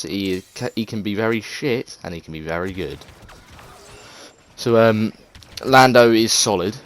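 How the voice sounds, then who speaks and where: Deep-voiced English man, rambling gamer talk. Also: slight background noise. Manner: rambling, hesitant, lots of fillers and swearing. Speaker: gaming video creator. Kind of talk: casual gameplay commentary.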